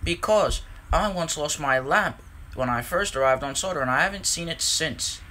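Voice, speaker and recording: A man voicing an eager, kind-hearted young male engine in a storybook reading, talking in high, urgent exclamations. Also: lively intonation, moderate pace, bright, forceful tone. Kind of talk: storybook character voice.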